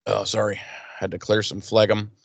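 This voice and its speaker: With a lowish voice marked by vocal fry, a man co-hosting a podcast chats casually through a TV episode recap at a moderate pace. He's profane and animated, performing the characters' lines, and the audio has no echo.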